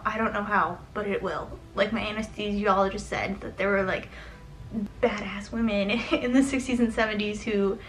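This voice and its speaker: A woman's voice: mid-range voice, slight background noise, poor audio. A young woman giving a sit-down vlog update, talking in an earnest, chatty way with plenty of "like" fillers. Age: young adult. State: getting emotional, close to tears. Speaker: vlogger.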